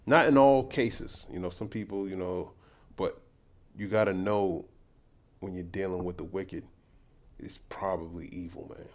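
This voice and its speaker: Low-voiced preachy man streaming. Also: steady tone, measured pace. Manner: preachy, repeats himself, turns loud and indignant. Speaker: livestream host. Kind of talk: scripture teaching mixed with news reaction.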